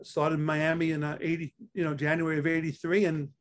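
A man's voice: fairly high pitch, flat delivery, fairly quick. An older man with a New York accent, from Staten Island, telling stories from his career as an interview guest and often repeating words. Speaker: interview guest, athletic trainer. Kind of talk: casual storytelling interview.

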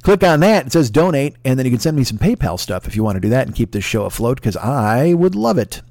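A podcast host races through a comedy monologue, swearing freely and drifting from one tangent to the next. His medium-pitched, creaky voice breaks into sudden loud, excitable outbursts. The recording is close and dry, with no room echo.

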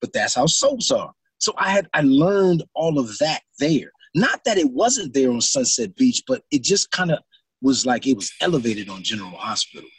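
A man's voice: medium pitch, very animated, normal speed, husky, no echo, poor audio. A middle-aged man, an actor guest, casually telling stories in an interview and acting out his own past reactions in quoted asides.

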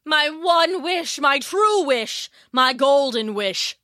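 A woman's voice: high voice, expressive, slow pace, sharp tone, no room sound, clean studio sound, voice pushed up, exaggerated voice. A woman voicing a greedy, gold-loving male king who sings and muses aloud. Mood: eager. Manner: sings to guitar, then speaks in musing asides. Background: guitar music.

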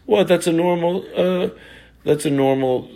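A man's voice: a little high, a little slow, vocal fry, mellow. A middle-aged man hosting a podcast, joking in a rambling, casual way. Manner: jokey, rambling, repeats bits for laughs. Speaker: podcast host. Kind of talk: casual comedic chat.

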